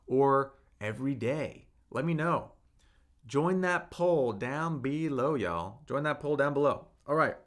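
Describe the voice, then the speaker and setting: A man teaching Mandarin on a live stream, upbeat and talking to viewers in the chat while he repeats vocabulary. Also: mid-range voice. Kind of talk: live-streamed language lesson.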